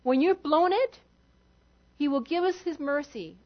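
A woman pastor preaching a sermon in an animated way, acting out quotes with sudden shifts in volume. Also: high voice, a little slow, lo-fi sound.

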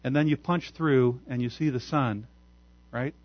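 A man pastor preaching a sermon, telling a story in an animated way and chuckling often. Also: medium pitch, unhurried, no room sound, muffled recording.

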